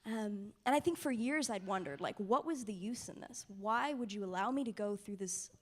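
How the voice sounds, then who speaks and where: A young woman telling a personal faith testimony in a soft, casual way, often sinking to a near whisper. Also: mid-range voice, moderate pace. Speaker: mission trip participant sharing testimony.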